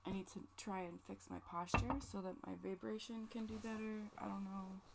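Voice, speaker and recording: A woman's voice: mid-range voice, fairly even intonation, a little fast, gravelly, very noisy. A woman livestreamer chatting casually, rambling and joking with some swearing, emotional and close to tears. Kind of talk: casual stream chat.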